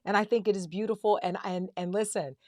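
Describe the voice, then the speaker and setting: A woman's voice: mid-range voice, steady tone, a little fast, no room sound. Woman host gushing over her guest, calls her baby and girl, real dry close audio. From a self-described country girl. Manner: affectionate, uses endearments like baby and girl. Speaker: podcast host. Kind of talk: warm heartfelt interview chat.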